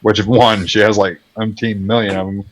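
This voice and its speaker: A man's voice: lowish voice, level tone, moderate pace. A man chatting on a stream, teasing the host with crude, profane jokes. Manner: crude, teasing, swears freely. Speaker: regular on the stream. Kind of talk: casual chat.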